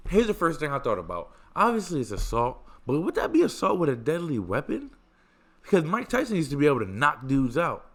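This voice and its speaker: A podcast host with a medium-pitched voice tells stories in casual chat, animated and swearing freely. He drives his points home through emphatic repetition.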